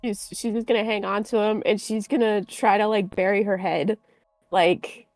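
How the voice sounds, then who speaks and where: A woman's voice: mid-range voice, fairly even intonation, moderate pace, darkish tone, no room sound, soft background music. A woman playing a tabletop game, chattily describing what her character does. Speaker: player.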